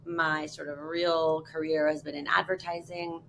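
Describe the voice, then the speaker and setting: A woman guest on a podcast, telling stories in a wry, relaxed way. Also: low-pitched, moderate pace, creaky, slight background noise. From New York. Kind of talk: casual chat.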